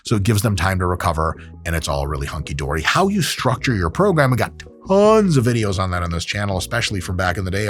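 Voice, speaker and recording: A man hosting a fitness commentary, joking and swearing casually as he explains training and does a comic ad read. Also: fairly low pitch. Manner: animated, profane, joking. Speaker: host, exercise scientist.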